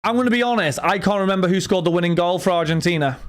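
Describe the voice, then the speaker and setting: Young man, live stream chat, rambling, chatty, a bit high-pitched. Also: very fast. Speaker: card break streamer.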